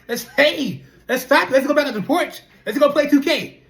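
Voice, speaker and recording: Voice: high voice, normal speed. Young vlogger just rambling to the camera, chatty, lots of "listen" and "you know". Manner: animated, chatty, full of rhetorical questions and repeated fillers. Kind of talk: casual talking-to-camera monologue.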